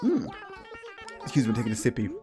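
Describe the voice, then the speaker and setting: Brief: casual streamer talking over gameplay, self-correcting and chatty, soft game music underneath. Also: mid-range voice, huge pitch swings, a little fast.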